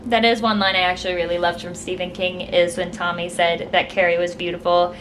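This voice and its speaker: A woman giving casual reaction commentary on a film, animated, exclaiming and laughing as she watches. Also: fairly low pitch, a little fast. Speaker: movie reaction vlogger. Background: film soundtrack playing.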